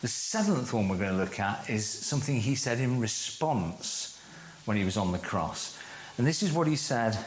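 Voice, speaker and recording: Measured man teaching in an echoey room. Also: medium pitch, expressive, a little hiss or hum. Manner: measured, slows down to stress key phrases. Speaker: course leader giving a church talk. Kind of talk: teaching talk to a group. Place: room with a live audience.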